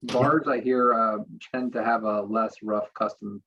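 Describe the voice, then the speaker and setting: A man's voice: lowish voice, steady tone, a little slow, highs cut off. A man playing a tabletop game, making dry jokes. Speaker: player. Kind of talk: casual tabletop play.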